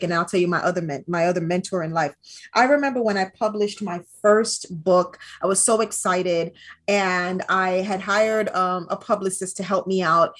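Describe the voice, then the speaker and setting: A woman guest on an interview podcast, telling stories in an animated, expressive way. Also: mid-range voice. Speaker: interview guest, brand strategist. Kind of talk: casual interview.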